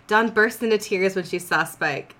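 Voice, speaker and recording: A woman's voice: mid-range voice, normal speed, pushed and bright. A woman casually reading a story aloud on a podcast, breaking off for blunt, swearing asides.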